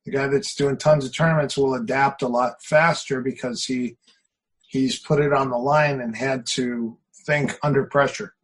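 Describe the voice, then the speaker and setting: Middle-aged male coach, husky voice, lively storyteller who repeats himself for emphasis. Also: mid-range voice, normal speed, poor audio. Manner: animated, repeats phrases for emphasis, tells anecdotes. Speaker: martial arts coach. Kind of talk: casual interview talk.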